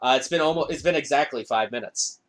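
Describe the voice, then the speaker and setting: A man's voice: medium pitch, fast. A man co-hosting a podcast in casual chat, blunt and playfully opinionated, swearing freely. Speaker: podcast co-host.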